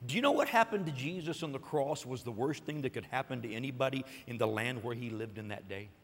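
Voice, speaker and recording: Bright-voiced preacher in a reverberant hall. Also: male voice, medium pitch. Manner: animated storytelling, acting out voices and building to shouted peaks. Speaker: pastor. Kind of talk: sermon.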